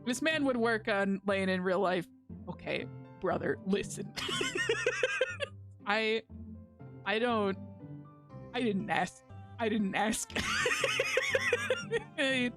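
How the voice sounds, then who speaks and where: A woman's voice: mid-range voice, expressive, slow, long pauses, over music. A woman streamer, goofy and self-mocking, reading a dating game aloud and joking through it.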